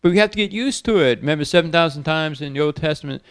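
Radio preacher guy, smooth clear voice, dry close sound. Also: on the high side, quick pace, no echo. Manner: reads scripture in a raised, emphatic voice, then prays softly. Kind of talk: sermon with Bible reading and prayer.

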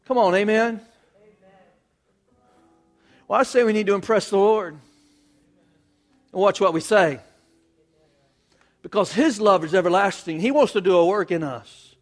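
High-voiced preacher, folksy. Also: male voice, measured pace, long pauses, faint music behind. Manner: folksy, acts out scenes in voices. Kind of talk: sermon.

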